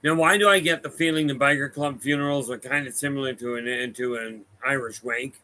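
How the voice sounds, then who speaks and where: A man's voice: mid-range voice, fairly quick, sharp tone, a little hiss or hum, low-quality recording. A man talking as a medium, telling rambling anecdotes to a room and online viewers, often correcting himself. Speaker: medium giving a talk. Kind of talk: casual storytelling talk to a room and online viewers. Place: room with a live audience.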